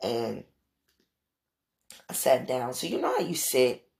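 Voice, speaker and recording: A middle-aged woman hosting a podcast, telling a story in a casual, animated, profane way and acting out quotes. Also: slow, vocal fry. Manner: animated, profane, acts out quotes with big pitch jumps. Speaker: podcast host.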